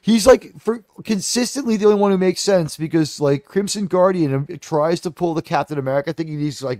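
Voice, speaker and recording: A man's voice: a little high, normal speed, darkish tone, no echo, clean studio sound. A man giving a casual, rambling film review, profane and full of fillers. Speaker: movie reviewer.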